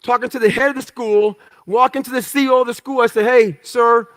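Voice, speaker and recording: A man's voice: very high-pitched, steady tone, a little fast, fairly bright tone. A man telling his life story to an audience in blunt, profane, punchy phrases, acting out what he thought back then. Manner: emphatic, punchy short phrases. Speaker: motivational speaker.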